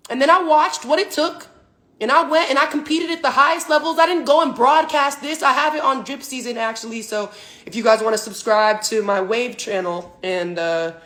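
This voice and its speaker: A woman's voice: sits high, moderate pace, fairly bright tone. A woman in her twenties, a professional athlete, ranting emphatically and profanely on a phone livestream. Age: 20s. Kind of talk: livestream rant.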